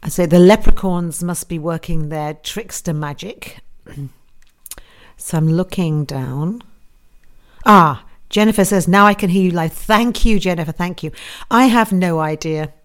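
Low-voiced lady doing a live radio show, rambly and chatty, pokes fun at herself. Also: measured pace. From United Kingdom. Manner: chatty, rambling, self-deprecating asides. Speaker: radio host and psychic advisor. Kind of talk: casual live radio chat.

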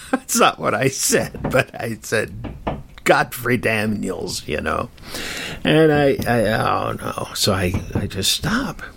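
A man's voice: lowish voice, gravelly, a bit bright, a little hiss or hum. An older man hosting a show, telling a story in a rambling, chatty, self-deprecating way. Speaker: host. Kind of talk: casual storytelling.

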